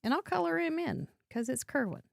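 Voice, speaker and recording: A woman's voice: sits high, big pitch swings, brisk, vocal fry, dry recording, clean studio sound. A woman hosting a live crafting show, chatting in a bubbly way and laughing often while she works. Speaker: host. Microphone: headset earbud.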